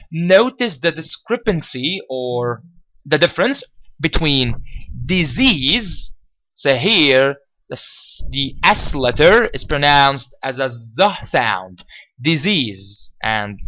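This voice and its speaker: A man with an Egyptian accent, an English teacher giving a vocabulary lesson with repeat-after-me drills, rephrasing each point several times in a deliberate way. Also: mid-range voice, fairly bright tone, low-quality recording.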